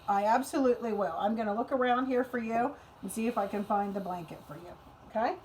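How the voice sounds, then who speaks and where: A woman teacher reads a picture book aloud to young children in a gentle, coaxing tone. Her voice sits a little high. A faint background hiss runs under the reading. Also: fast talker, rough recording. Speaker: preschool teacher.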